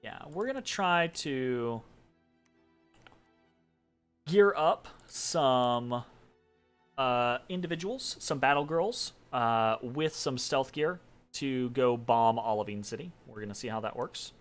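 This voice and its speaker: A man's voice: mid-range voice, lively intonation, slow pace, faint music behind. A man casually commenting on his strategy game turn, thinking aloud with many ums and restarts. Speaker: game streamer. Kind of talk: casual let's-play commentary.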